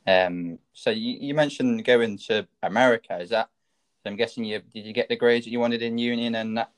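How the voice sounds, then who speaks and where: A man's voice: medium pitch, steady tone, a little fast. A man hosting a casual interview, supportive and asking rambling questions. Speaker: podcast host.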